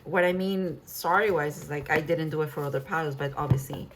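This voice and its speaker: A woman's voice: sits low, brisk, noisy background. A woman in her thirties giving a casual, rambling tarot reading, enthusiastic and full of restarts. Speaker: tarot reader.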